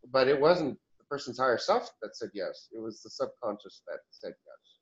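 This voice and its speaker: A man speaking as a channeled higher self in a question-and-answer session, rambling with restarts and chuckles. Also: very animated, normal speed, muffled recording.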